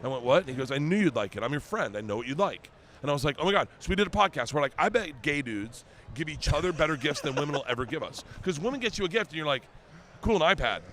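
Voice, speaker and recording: A middle-aged man, a comedian guest on a podcast, telling animated stories in casual chat and acting out the dialogue. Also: fairly high pitch, very fast. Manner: animated storyteller, acts out quoted dialogue.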